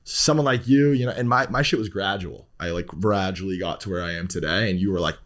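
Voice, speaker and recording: A man's voice: deep voice, a little fast, fairly bright tone. A man, a podcast guest who talks bluntly, rambles with fillers and swears often. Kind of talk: casual podcast talk.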